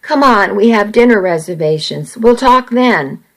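A woman reading the lines of a grown man, a boyfriend who is moody at first and then tender, in a flat, unhurried way. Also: mid-range voice. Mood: apologetic.

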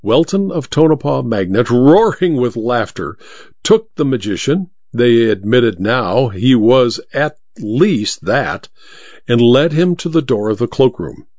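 A man narrating a story as an audiobook reader, with an expressive storytelling manner. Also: mid-range voice, measured pace, no room sound. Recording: dull lo-fi dry recording.

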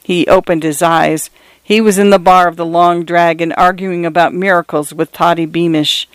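A man reads a story aloud in a high voice with a smooth, resonant tone. His narration is measured and descriptive, with occasional asides to the listener, and the sound is close and dry. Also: fairly even intonation, no room sound.

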